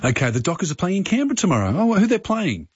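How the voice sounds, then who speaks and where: A man's voice: high voice, very animated, quick pace, a little mellow, slightly rough, highs cut off, faint music behind. A man with an Australian accent, hosting a radio show and chatting casually with a caller. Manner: chatty, repeats himself. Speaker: radio host.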